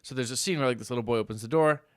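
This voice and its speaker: A man co-hosting a podcast, chatting casually and telling stories with animated, swearing energy. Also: medium pitch, racing, no room sound, clean studio sound. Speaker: podcast co-host. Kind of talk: casual chat.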